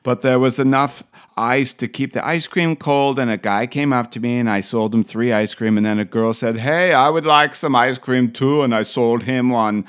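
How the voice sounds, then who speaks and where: A man putting on an Austrian-accented older strongman who slowly over-explains everything. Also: medium pitch, smooth, pitched above the performer's own voice, lightly acted. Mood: boastful. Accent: Austrian German. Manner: loud, slow, over-explaining. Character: boastful older Austrian strongman, long-winded.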